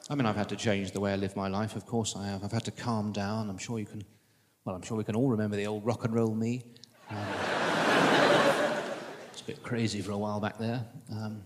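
A man's voice: lowish voice, flat delivery, moderate pace. A man doing a wry, self-mocking stand-up routine. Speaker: stand-up comedian. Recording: live venue reverb with loud noise.

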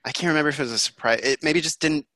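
A man co-hosting a podcast in relaxed, agreeable casual chat. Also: on the high side, racing, no echo. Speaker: podcast co-host.

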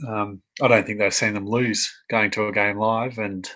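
A middle-aged man with an Australian accent, interviewing in a relaxed conversation and telling animated stories. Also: on the low side, moderate pace, low-quality recording. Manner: chatty storyteller, animated when telling anecdotes. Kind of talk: casual conversation.

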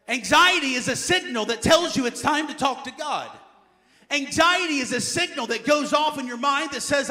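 A man preaching a sermon as pastor, emphatic, repeating key phrases and swinging between loud urging and quiet asides. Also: extremely high pitch, lively intonation, normal speed.

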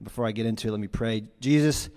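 A man's voice: on the low side, rapid-fire. Man preaching in a reverberant hall. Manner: animated storytelling, swings from loud to hushed. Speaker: pastor. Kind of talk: sermon. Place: church sanctuary.

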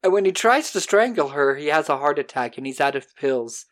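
Brief: casual podcast host, mid-pitched, lively recap with quick put-on voices, swears freely. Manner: animated retelling with quick put-on character voices, profane.

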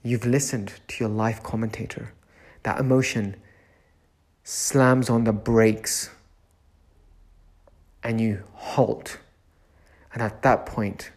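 A man's voice: medium pitch, a little mellow. A man who runs a nursery, giving a reflective self-help talk, repeating key phrases and lingering on words.

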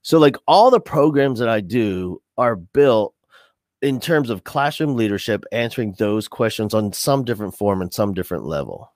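A man's voice: on the low side, normal speed, no echo, studio quality. A middle-aged man, an educator as podcast guest, talking casually and animatedly, with many restarts. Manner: animated, restless, full of restarts.

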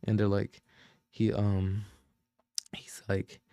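A man's voice: fairly low pitch, monotone, slow, dark tone, no echo. A young man hosting a podcast, telling a rambling story in a casual chat, full of slang and swearing, often losing his train of thought. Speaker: podcast host.

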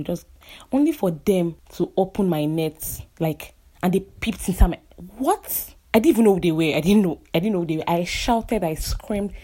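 Young Nigerian woman, vlogger, angry and emphatic, lowish mellow tone. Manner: impassioned and indignant, repeating phrases for emphasis. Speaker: architect. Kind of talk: vlog rant.

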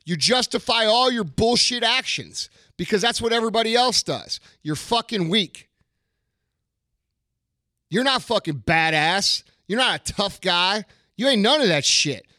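A man's voice: high-pitched, bright, forceful tone, no room sound, studio quality. A man hosting a podcast, delivering a blunt, profane, confrontational monologue. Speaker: podcast host. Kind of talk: ranting monologue.

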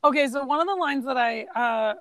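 A woman's voice: high voice, fairly quick, fairly bright tone, dry recording. A woman co-hosting a podcast in casual chat, retelling scenes and laughing often. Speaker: podcast co-host.

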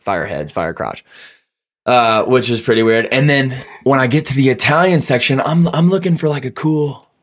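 A man's voice: mid-range voice, lively intonation, moderate pace. A young man on a podcast telling casual, profane, joking stories about himself. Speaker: podcast co-host. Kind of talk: casual chat.

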